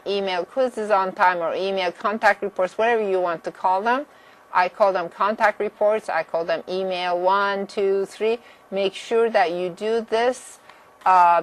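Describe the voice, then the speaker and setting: A woman teacher walks students through course rules in a plain, mid-pitched voice. She talks directly and firmly, stressing deadlines, and now and then clears her throat. It is a recorded classroom lecture. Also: rough recording. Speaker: math instructor.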